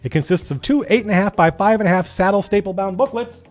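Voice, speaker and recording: A man hosting a casual livestream, reading old game zines aloud and breaking off into rambling, animated comments. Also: high voice, fast, soft background music. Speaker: livestream host.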